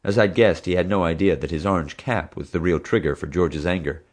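A man narrating an audiobook in expressive storytelling fashion. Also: sits low, brisk. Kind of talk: scripted narration.

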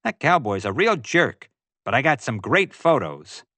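A man voicing a loud, oblivious male tourist who talks brashly. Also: mid-range voice, big pitch swings, unhurried, no room sound, voice pushed up, heavily acted. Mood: smug.

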